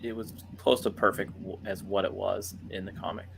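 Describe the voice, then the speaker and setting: Gravelly laid-back man. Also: low voice, little pitch movement, normal speed, noisy background. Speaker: podcast guest. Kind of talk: casual chat.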